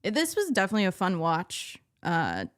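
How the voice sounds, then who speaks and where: A woman guest on a podcast in casual chat, chiming in often with quick comments. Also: on the low side, wildly swooping pitch, no room sound, studio quality. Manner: chatty, quick agreeing interjections.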